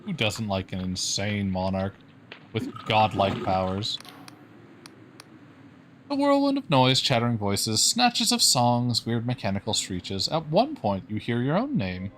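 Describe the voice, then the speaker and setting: A man's voice: fairly low pitch, big pitch swings, measured pace, fairly bright tone, slight background noise. A man from Canada reading game text aloud on a livestream, dry and wry, with casual swearing. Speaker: streamer.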